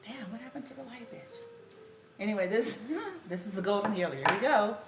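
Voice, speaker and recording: A tarot card reader gives a casual, chatty spiritual reading, often laughing and swearing offhandedly. Her voice is medium-pitched and a little fast, recorded in an echoey room at home with music playing.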